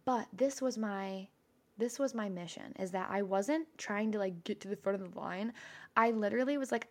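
A young woman co-hosting a casual podcast, her voice carrying a noticeable gravelly fry. She tells stories in an animated, chatty way and swears freely. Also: medium pitch, normal speed. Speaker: podcast co-host. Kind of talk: casual chat.

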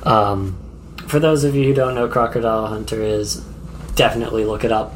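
A man's voice: fairly low pitch, fairly even intonation, a little fast, slight background noise. A man co-hosting a casual travel podcast, rambling with many fillers and laughing often. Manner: rambling, giggly, lots of fillers. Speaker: podcast co-host.

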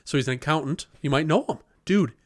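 A man in his thirties, a podcast co-host, telling stories in casual chat, animated, laughing and swearing often. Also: on the high side, fast, dry recording. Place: podcast studio.

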